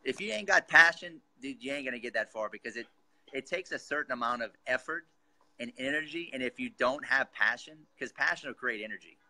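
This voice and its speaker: Man, real estate coach, enthusiastic, encouraging, bright tense tone. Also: medium pitch, expressive, a little fast, low-quality recording. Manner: enthusiastic, encouraging, says dude and man a lot. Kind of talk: casual interview chat.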